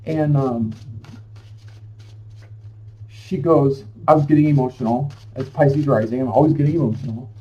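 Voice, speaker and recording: A man's voice: medium pitch, moderate pace, long pauses, mellow. A man giving a casual tarot reading to camera, chatty and rambling in an effusive way, recorded at home. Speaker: tarot reader. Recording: distant, dull lo-fi sound.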